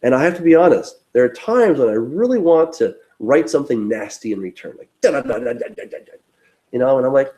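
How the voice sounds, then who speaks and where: A man's voice: mid-range voice, expressive, a little fast, dark tone, low-quality recording. A man teaching a conversational Bible study, earnest and self-deprecating, acting out inner dialogue in quoted voices.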